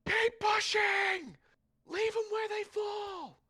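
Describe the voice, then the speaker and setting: A man voicing soldiers in battle who shout orders in a high, strained voice. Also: fairly even intonation, takes it slowly, exaggerated voice. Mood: frantic shouting.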